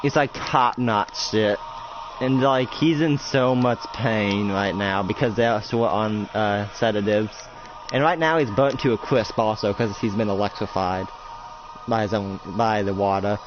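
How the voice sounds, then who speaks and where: A man's voice: fairly low pitch, a little slow, background noise. Rambling man narrating a roleplay. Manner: rambling, many fillers and restarts. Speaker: game master narrating a roleplay. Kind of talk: casual improvised storytelling. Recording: dull lo-fi mic with music behind.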